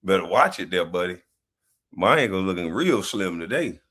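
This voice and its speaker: Animated, loose-talking man on a livestream. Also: sits low, moderate pace. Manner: loose, animated, profane banter. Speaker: livestream host. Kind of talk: casual livestream chat.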